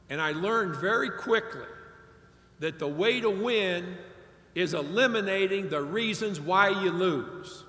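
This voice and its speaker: A man's voice: sits high, measured pace, bright, forceful tone. Older man in an echoey hall. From Ohio. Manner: folksy storytelling, emphatic. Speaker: commencement speaker. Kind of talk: commencement speech. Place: large graduation venue.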